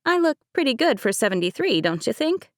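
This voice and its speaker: Woman reader playing a bossy 73-year-old granny, higher and pushy, dry close audiobook read. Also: very animated, brisk, no room sound. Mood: teasing. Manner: teasing, commanding.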